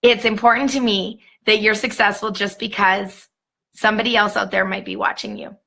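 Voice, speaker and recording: A woman's voice: mid-range voice, fairly even intonation, normal speed, vocal fry, sharp tone. A woman training a new sales team on a live stream, talking in an emphatic, upbeat pep-talk way.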